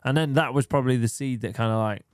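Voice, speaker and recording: Fast, laughing guest telling a story. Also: male voice, medium pitch, smooth. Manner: animated storytelling, laughs often, acts out quoted voices. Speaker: podcast guest, motorcycle racer. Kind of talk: casual chat.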